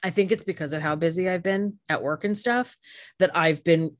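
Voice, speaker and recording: Low-voiced chatty woman podcaster. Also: normal speed, dry recording. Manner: chatty, swears casually, lots of fillers. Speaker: podcast co-host. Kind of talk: casual chat. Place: home, recorded over video call. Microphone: video call.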